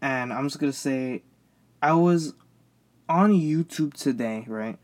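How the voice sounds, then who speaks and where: A man's voice: mid-range voice, slow, a little mellow. A young man rambling in a casual solo podcast, stammering and repeating himself, frustrated and venting. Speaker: podcast host.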